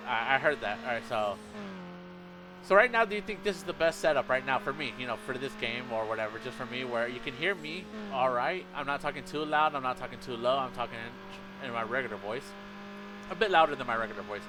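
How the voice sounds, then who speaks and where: A man's voice: mid-range voice, fairly quick, over music. A man streaming a game, rambling casually to his chat, often stopping to correct himself. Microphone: headset. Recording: racing game audio loud underneath. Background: racing game engine sounds.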